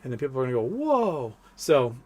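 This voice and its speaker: A man hosting a loose, rambling livestream from home. He reads viewer messages aloud and swears casually. His voice sits at an ordinary middle pitch. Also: big pitch swings, brisk. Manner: baby-talk coaxing to his pets. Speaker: livestream host.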